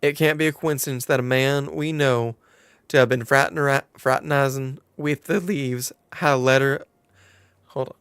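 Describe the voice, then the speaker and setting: A man's voice: medium pitch, steady tone, racing, dark tone, smooth, no echo, lightly acted. A man reading as a shrewd southern innkeeper woman. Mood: confiding. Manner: reads game dialogue aloud with a put-on southern drawl. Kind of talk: reading game dialogue aloud.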